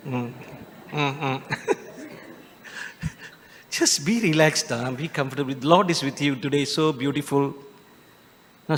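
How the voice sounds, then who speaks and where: A man with a Malaysian English accent, a Catholic priest giving a homely, joking Christmas homily with drawn-out emphatic phrases. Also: medium pitch, a bit bright. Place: large church. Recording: long church reverb.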